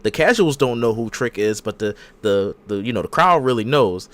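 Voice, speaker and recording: A man hosting a casual wrestling podcast, telling a long fantasy storyline in a rambling, animated way. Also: lowish voice, moderate pace. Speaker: podcast host.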